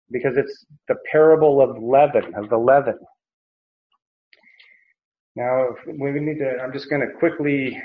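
A man delivering verse-by-verse sermon teaching at an unhurried, deliberate pace, often pausing mid-thought. His voice sits in a middle register and comes through a slightly muffled, lo-fi recording. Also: medium pitch. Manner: measured, hesitant, many filler pauses. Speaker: Bible teacher.

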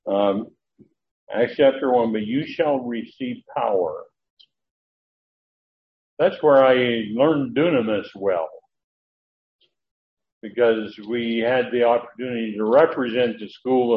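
Teaching scripture in a sermon, a Bible teacher with a voice on the low side talks conversationally, meandering and using many fillers. There's a little hiss or hum on the dull lo-fi recording, along with faint ambience.

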